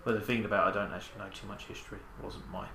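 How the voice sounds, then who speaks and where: A man's voice: on the low side, fairly even intonation, racing. Man, podcast host, teasing crude banter, echoey room, background noise. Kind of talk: casual chat.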